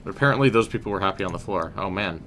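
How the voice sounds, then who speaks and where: A man's voice: deep voice, animated, rapid-fire, fairly bright tone, slight background noise. A young man casually commenting while playing a game, chatting with viewers and joking. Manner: chatty, addresses chat as guys, slangy. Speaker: game streamer. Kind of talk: casual let's-play commentary.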